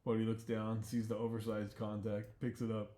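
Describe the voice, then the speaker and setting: A man casually retelling an animated scene he storyboarded, in a loose, relaxed way with offhand asides. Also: on the low side, moderate pace. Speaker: storyboard artist. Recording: echoey room.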